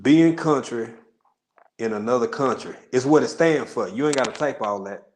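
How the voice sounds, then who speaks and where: His mid-range voice is a little mellow and moves at a moderate pace. He's a Texan-accented man from Texas running a livestream, chatting loosely with viewers, joking, laughing frequently and drifting into asides.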